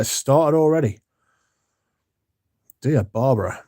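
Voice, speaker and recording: Sleepy guy rambling on a livestream, swears a lot, mellow voice, dry sound. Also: medium pitch, measured pace, no room sound. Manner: rambling and sweary, chatting to viewers. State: sleepy, yawning. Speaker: livestream host. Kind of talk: casual livestream chat.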